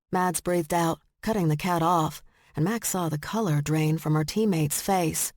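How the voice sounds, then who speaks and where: A woman narrating a romance audiobook in slow, measured storytelling, recorded close on a studio mic. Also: low voice, fairly even intonation, darkish tone, no room sound. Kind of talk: scripted narration.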